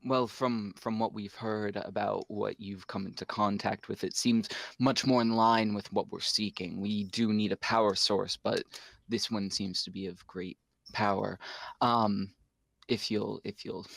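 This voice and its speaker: A man's voice: fairly low pitch, steady tone, unhurried, vocal fry, fairly bright tone, dry recording. A man voicing a polite young noblewoman in a tabletop game, speaking formally and hesitantly.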